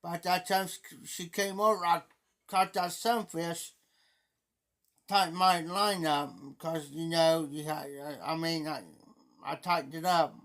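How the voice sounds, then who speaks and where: Unhurried and flat, a fairly high, fairly bright male voice carries a middle-aged livestreamer's casual story. He rambles and repeats himself often, looping back over the same ground.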